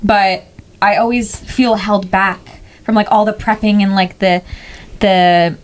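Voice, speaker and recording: A woman's voice: medium pitch, fairly even intonation, a little slow. A young woman co-hosting a podcast, chatting casually and upbeat, laughing between sentences. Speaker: podcast co-host. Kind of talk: casual chat.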